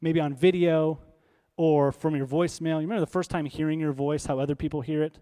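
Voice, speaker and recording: A man's voice: a little high, steady tone, brisk, warm tone. A man preaching a sermon as pastor, in a conversational, emphatic style full of rhetorical questions.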